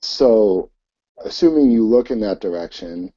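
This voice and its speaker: A man narrating a tabletop game as game master, halting and full of fillers. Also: fairly low pitch, animated, dark tone, no echo. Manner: hesitant, many fillers. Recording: dull lo-fi recording.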